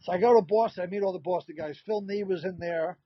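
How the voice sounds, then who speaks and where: Animated older man telling comic stories. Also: sits high, fast talker, highs cut off. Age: 60s. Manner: animated anecdote-telling, acts out quoted voices. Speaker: comedian guest. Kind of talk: storytelling in a casual interview.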